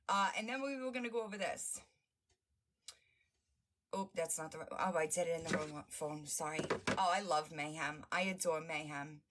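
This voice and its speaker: A woman's voice: mid-range voice, moderate pace, a bit bright. A woman hosting a livestream, reacting to videos in a brash, profane and mocking way, often breaking into laughter. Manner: mocking and sarcastic. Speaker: livestream host. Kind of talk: casual reaction commentary.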